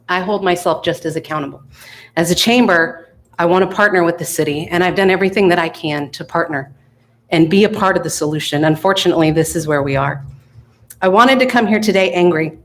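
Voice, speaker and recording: A woman from the local chamber of commerce giving an earnest, emotional public comment to a city council. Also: mid-range voice.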